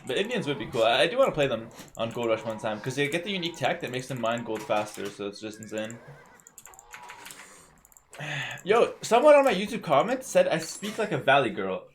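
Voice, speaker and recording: A young man from South Carolina streaming a game, talking casually with viewers in a relaxed, rambling way and often repeating words. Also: mid-range voice, fairly quick, a little hiss or hum. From South Carolina, USA. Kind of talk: casual live-stream chat.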